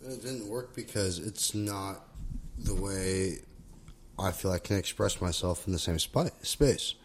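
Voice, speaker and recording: Low-voiced man talking things through. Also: measured pace, a little hiss or hum. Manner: reflective, circling, many restarts and "right?" tags. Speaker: podcast co-host. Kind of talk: casual conversation about relationships and therapy skills.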